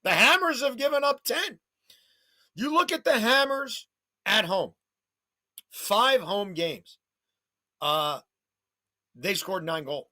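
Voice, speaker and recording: A man rattles off soccer betting picks with punchy, jokey energy. His voice swings widely in pitch and sounds bright and fairly high. He leans into the lines like a showman. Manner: animated, jokey, punchy delivery. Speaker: sports betting show host.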